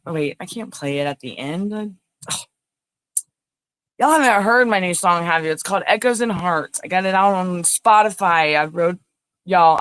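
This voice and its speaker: A woman's voice: low-pitched, a bit bright, dry recording. A woman hosting a casual livestream talk show, chatty and rambling, talking straight to her viewers.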